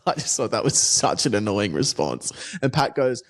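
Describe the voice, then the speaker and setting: A man's voice: mid-range voice, huge pitch swings, moderate pace. A man co-hosting a comedy podcast, telling crude stories and mock-quoting others with laughs. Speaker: podcast co-host. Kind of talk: casual comedy banter.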